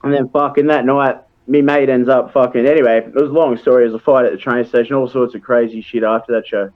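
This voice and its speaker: A man's voice: medium pitch, level tone, fast, phone-quality sound. An Australian man, a wrestler guesting on a podcast, ranting bluntly and swearing constantly in casual chat.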